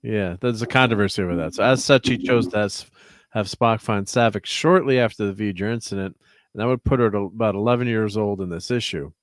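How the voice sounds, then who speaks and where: Male co-host, measured reader, deep, dry close sound. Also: no room sound. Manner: reads notes aloud, measured. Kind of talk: casual livestream chat.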